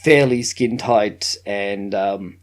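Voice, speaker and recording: A man's voice: fairly low pitch, slow pace. A man co-hosting a podcast, chatting casually about a film, acting out lines with lots of laughter. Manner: animated, acts out lines from the film in put-on voices and laughs often. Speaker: podcast co-host. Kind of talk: casual film review chat.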